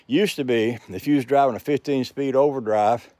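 An older man with a drawl chatters on in a casual, folksy vlog, tired and short of breath. His voice sits at a middling pitch. The sound is dry and close, with little room echo. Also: moderate pace, dark tone. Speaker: vlogger. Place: outdoors by his house.

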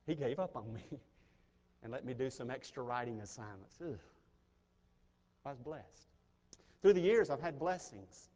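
A middle-aged pastor from Mississippi, preaching an earnest, personal sermon that swells in intensity. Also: male voice, mid-range voice, expressive, measured pace, long pauses, warm tone. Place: large chapel. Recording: chapel recording with long reverb.

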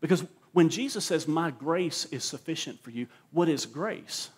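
Man, pastor, church sermon, emphatic, slightly raised pitch, breathy husky tone. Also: lively intonation, normal speed. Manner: emphatic preaching with frequent word repeats. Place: church service.

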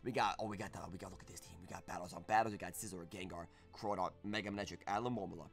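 A young man streaming live gameplay, talking through his moves and breaking into shouts when things go his way. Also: deep voice, racing, gravelly, soft background music. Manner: excitable, bursts into shouts.

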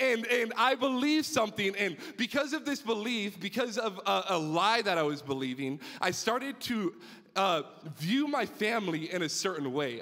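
A young man gives a youth sermon in a high, eager voice. He tells a personal story with rising excitement, often restarting his sentences. His voice carries a long reverb from a large hall. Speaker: youth pastor.

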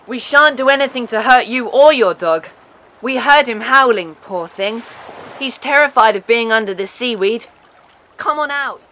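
A kindly young girl in an audiobook play. Her voice is fairly high and bright. She speaks gently and reassuringly. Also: moderate pace. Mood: gentle reassuring. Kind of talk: dramatized audiobook acting.

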